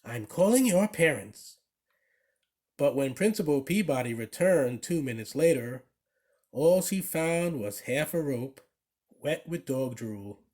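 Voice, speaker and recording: Animated man reading a children's book. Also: mid-range voice, a little slow. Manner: expressive, animated storytelling. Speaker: storybook reader. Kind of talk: children's book read-aloud.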